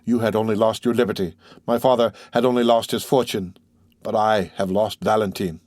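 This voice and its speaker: A man's voice: lowish voice, steady tone, brisk, a little mellow, no echo, studio quality, lightly acted. A man reading an anguished grieving young man.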